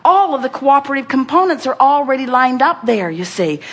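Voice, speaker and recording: Emphatic woman with a high voice. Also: very animated, a little fast. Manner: emphatic, repetitive, with sudden rises in pitch and loudness; speaks as "we" and addresses the listener directly. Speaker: spiritual teacher channeling a group voice. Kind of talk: inspirational talk to a seminar guest.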